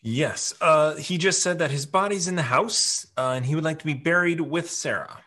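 A man's voice: on the high side, normal speed, sharp tone. A man taking part as a player in a tabletop role-playing game, talking with hesitant fillers. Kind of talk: casual tabletop play.

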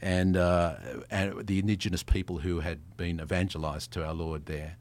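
A man's voice: low voice, little pitch movement, normal speed, a little mellow. A man with an Australian accent, a podcast guest talking in a casual, earnest way. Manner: earnest, then playful and laughing. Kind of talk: casual chat.

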